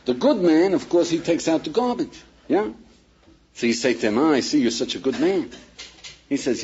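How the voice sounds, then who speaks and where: A man teaching a class as a rabbi, in a lively lecture style, acting out little dialogues and putting questions to his listeners. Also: a little high, moderate pace, pauses often, a little hiss or hum. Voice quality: husky. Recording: dull lo-fi archive lecture recording.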